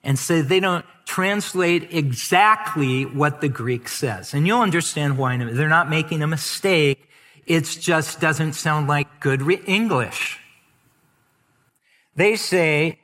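A man preaching in a church, his slightly high, bright voice ringing through a long hall reverb. He speaks slowly and emphatically, drawing out the words he wants the congregation to hold onto. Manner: emphatic, draws out key words, reads scripture aloud. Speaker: pastor. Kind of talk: sermon.

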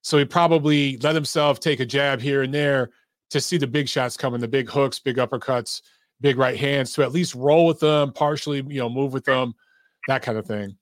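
A man hosting a live boxing stream, talking casually with callers and reading chat, relaxed and profane, laughing easily. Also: medium pitch, moderate pace, no echo, studio quality. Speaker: boxing show host.

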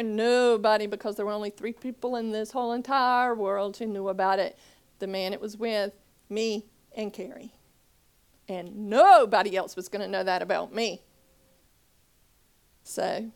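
A woman minister giving a personal testimony, swinging from loud pleading to near whispers and acting out her own past words. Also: measured pace, creaky. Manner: acts out her own past dialogue in a higher voice.

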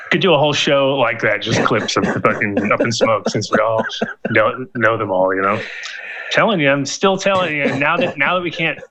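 Bright, forceful man rambling casually. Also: medium pitch, lively intonation, moderate pace, poor audio. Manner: rambling, profane, full of fillers and restarts. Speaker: podcast host. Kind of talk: casual chat.

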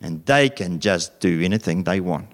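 Animated New man telling a Bible story. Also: low-pitched, moderate pace. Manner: animated, playful, asks questions. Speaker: children's talk presenter.

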